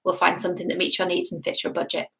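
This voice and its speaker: A woman's voice: fairly low pitch, completely flat delivery, quick pace, a bit bright, poor audio. A woman love coach talking casually to camera in a chatty, affectionate, playful way.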